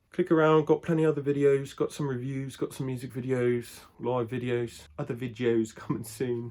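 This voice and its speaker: A man's voice: medium pitch, steady tone, moderate pace, hardly any pauses, darkish tone. Laid-back rambling man reviewing a film. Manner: rambling, laid-back, heavy on "like" and "I don't know". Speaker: film reviewer and channel host. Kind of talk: casual unscripted vlog review.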